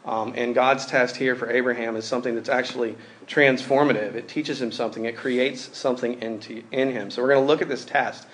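Young male preacher, mid-pitched, easygoing sermon delivery with scripture reading. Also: steady tone, a little fast, hardly any pauses, fairly bright tone. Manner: conversational preaching with fillers, reads scripture aloud. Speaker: pastor.

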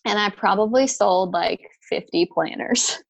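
A woman guest telling a candid story from her working life in an easygoing conversational way. Her delivery is animated, and she slips into livelier voices when quoting others. Her speech is sprinkled with "like" and "you know". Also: medium pitch, a little slow, creaky. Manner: animated, acts out quoted people with raised voice; frequent "like" and "you know" fillers.

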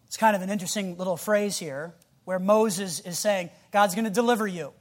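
An animated male pastor with a high, light voice, preaching a sermon. He reads scripture and then acts out the scene, breaking into growls and shouts. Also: brisk.

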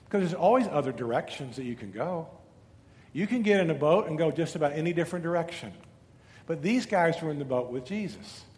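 A middle-aged man preaching a sermon to his church, swinging between loud urgent lines and hushed asides. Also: on the high side, lively intonation, brisk, in a large hall. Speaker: pastor. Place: church sanctuary.

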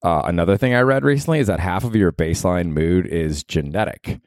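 Deep-voiced profane rambling comedian. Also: male voice, animated, a little fast, dry recording, studio quality. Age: 40s. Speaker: comedian podcast host. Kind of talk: casual comedic monologue. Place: bedroom at night.

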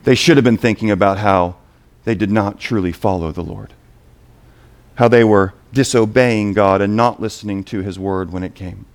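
Animated male preacher. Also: lowish voice, normal speed. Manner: animated, swings between quiet asides and loud emphasis. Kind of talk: sermon.

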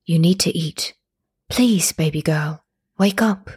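A woman voicing a caring young husband in a storybook reading, speaking softly and soothingly. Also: fairly low pitch, takes it slowly, husky, heavily acted. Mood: tender. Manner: soft and hushed, comforting.

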